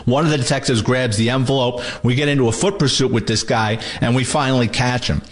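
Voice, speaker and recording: A retired police detective from New York, an older man, telling a lively anecdote about his days on the job and acting out the voices of the people in it. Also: mid-range voice, quick pace. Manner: animated storyteller acting out quotes. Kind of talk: spoken anecdote segment.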